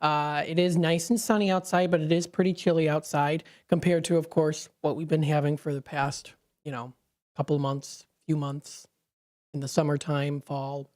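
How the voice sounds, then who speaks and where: A woman's voice: low-pitched, little pitch movement, normal speed, a little mellow. A woman hosting a live local radio show, chatting casually with lots of fillers and little laughs. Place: radio studio. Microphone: studio microphone.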